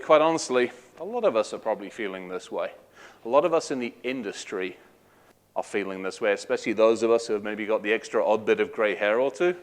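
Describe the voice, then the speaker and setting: Swearing, joking Welsh man on stage. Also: medium pitch. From Wales. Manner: irreverent, joking, swears freely. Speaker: conference speaker. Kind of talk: casual conference talk.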